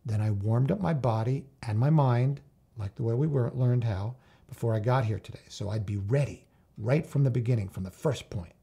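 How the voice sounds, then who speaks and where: A man voicing an excitable, hot-tempered teenage boy. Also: medium pitch, moderate pace, gravelly, husky. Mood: earnest. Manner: blurting, emphatic, sputters when upset. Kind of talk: acted quotes in a told story.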